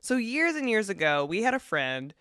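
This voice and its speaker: A woman's voice: mid-range voice, sing-song, moderate pace, a bit bright, no room sound, studio quality. A woman co-hosting a podcast in casual chat, rambling and often laughing. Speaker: podcast co-host.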